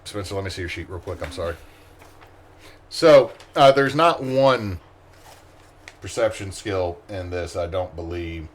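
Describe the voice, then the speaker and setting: A man's voice: sits low, unhurried, long pauses. A man running a tabletop game as its game master, laid-back and swearing freely. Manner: laid-back, swears freely, reads setup in a flat briefing tone.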